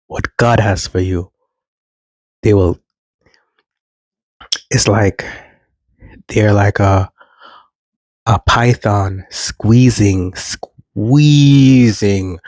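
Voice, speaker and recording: A man's voice: fairly low pitch, a little mellow, dry recording, poor audio. A man vlogging casual spiritual advice, earnest and preachy, repeating phrases for emphasis.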